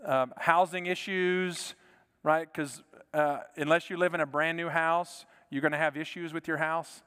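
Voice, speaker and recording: An earnest male pastor delivers a sermon in a slightly high voice. He repeats words as he goes and falls to a soft hush for emphasis. A long hall reverb trails behind every phrase. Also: fairly even intonation, measured pace, smooth.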